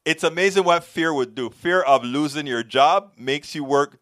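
A man's voice: fairly high pitch, moderate pace, fairly bright tone. A middle-aged man from Panama with a Panamanian accent, hosting a political show and reading viewer comments in a rambling, stumbling way. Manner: rambling, restarts and stumbles often. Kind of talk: live-stream chat reading viewer comments.

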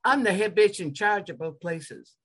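A woman's voice: medium pitch, animated, moderate pace. A woman guest on a podcast, chatting casually with dry, sassy retorts. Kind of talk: casual banter.

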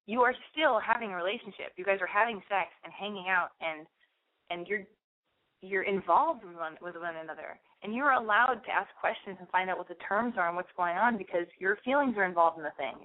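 A woman's voice: medium pitch, brisk. A woman hosting an advice show, giving a caller frank, blunt advice and acting out sample lines. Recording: phone-like radio audio.

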